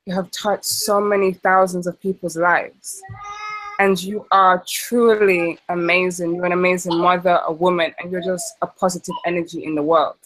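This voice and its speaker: A woman calling in to a live stream by video call, speaking earnestly and warmly about the host. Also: fairly low pitch, no room sound, rough recording. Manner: earnest and gushing with praise. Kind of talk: casual chat.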